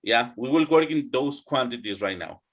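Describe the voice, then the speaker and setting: A man's voice: medium pitch, animated, moderate pace. A man teaching English numbers, patiently drilling students and checking in with them often. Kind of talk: online English pronunciation lesson.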